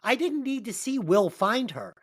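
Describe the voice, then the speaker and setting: A woman co-hosting a casual comedy movie-review podcast, telling stories in a profane, emphatic, animated way. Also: fairly high pitch, moderate pace, slightly rough. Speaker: podcast co-host.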